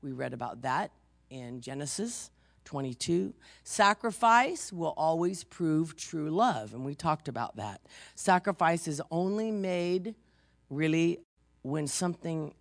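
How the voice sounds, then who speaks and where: Brief: woman preacher, creaky gravelly voice, dry close sound, conversational sermon. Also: sits low, lively intonation, slow, no room sound. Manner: chatty storytelling, frequent "you know", laughs easily. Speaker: pastor.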